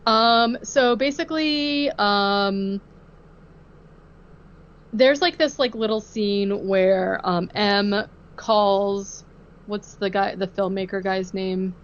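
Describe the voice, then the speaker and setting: A woman's voice: mid-range voice, takes it slowly, lo-fi sound. A woman hosting a podcast, recapping a film in casual chat, full of "like" fillers and easy laughs. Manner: chatty, filler-heavy, laughs easily. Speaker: podcast host.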